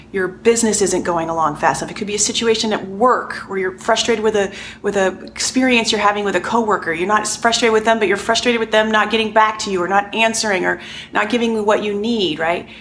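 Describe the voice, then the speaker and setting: A middle-aged woman giving a conversational coaching lesson, animated and repeating points for emphasis. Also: medium pitch, slight background noise. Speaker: life coach.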